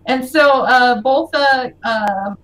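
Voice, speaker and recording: High-voiced woman game master. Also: slow pace, a bit bright, far from the mic, rough recording. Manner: casual, with frequent fillers. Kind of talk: narrating a tabletop game.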